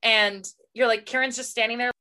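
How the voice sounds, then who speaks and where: A young woman co-hosts a casual book podcast with a bright, clear voice. She talks chattily, laughs easily and acts out lines from the story as she goes. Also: on the high side, steady tone, fairly quick. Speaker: podcast co-host.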